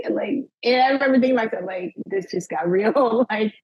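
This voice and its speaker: A young woman guest telling a personal story in an interview, animated and acting out what people said, often breaking into laughter. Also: on the high side, brisk, slightly rough. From United States. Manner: animated retelling, acting out quotes, frequent laughs and "like". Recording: dull lo-fi podcast sound.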